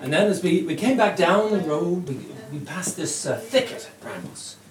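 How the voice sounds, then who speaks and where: A man's voice: sits high, moderate pace, reverberant, background noise. A man with a Cornish accent, telling a rambling, chuckling story in a group chat. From Cornwall. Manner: rambling, chuckling anecdote teller.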